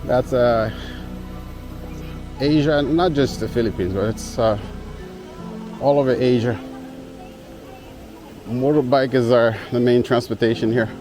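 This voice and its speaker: Slow-talking, breathless man outdoors. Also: medium pitch, over music. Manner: easygoing, chuckles often, greets locals. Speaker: vlogger. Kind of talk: casual travel vlog. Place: outdoors on a rural trail.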